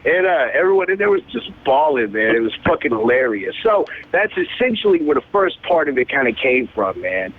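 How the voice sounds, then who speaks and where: A young man in his twenties tells his story in loose, profane street slang, tacking "man" onto nearly every sentence. He speaks at a mid pitch as a rapper being interviewed. The sound is thin and tinny, like a phone line. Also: big pitch swings, brisk, few pauses. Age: 20s. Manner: laid-back, profane street slang, says "man" constantly. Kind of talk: casual storytelling.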